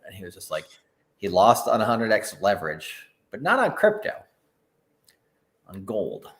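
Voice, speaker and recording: A man's voice: on the low side, huge pitch swings, normal speed, a bit bright. A man co-hosting a casual crypto podcast, telling stories and joking. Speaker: podcast co-host.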